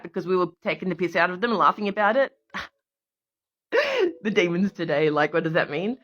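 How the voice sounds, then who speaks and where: A woman, talking casually on a livestream in a rambling, animated way and laughing often. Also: fairly low pitch, brisk, pauses often. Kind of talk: casual live stream monologue. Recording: dull lo-fi audio.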